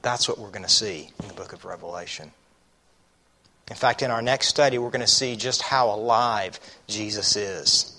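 A man's voice: fairly low pitch, normal speed, sharp tone. A man preaching a sermon as a pastor, reading scripture aloud and asking the congregation rhetorical questions. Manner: reads scripture aloud with emphasis.

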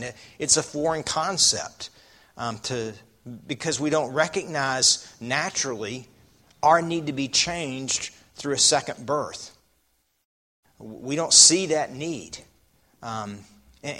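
A man's voice: medium pitch, bright, forceful tone. A man preaching a sermon, often putting rhetorical questions to his listeners.

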